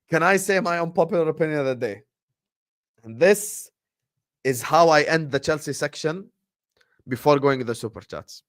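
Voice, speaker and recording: Young guy ranting about football on his stream, kinda high voice, jumps loud then hushed, dry close mic. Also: normal speed, pauses often, dry recording. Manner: animated, teasing, swings between loud and hushed. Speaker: football livestream host. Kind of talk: casual fan livestream rant.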